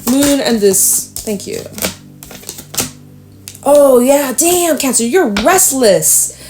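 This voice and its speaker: Woman tarot reader, talkative and thinking aloud, soft music behind. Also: high voice, very slow. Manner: chatty, thinking aloud, animated exclamations. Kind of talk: casual tarot reading to camera.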